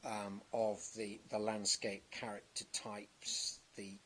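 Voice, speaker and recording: A man cross-examining a witness at a planning inquiry, measured and halting, with many restarts and tag questions. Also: fairly low pitch, completely flat delivery, a bit bright, slight background noise. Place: public inquiry hearing.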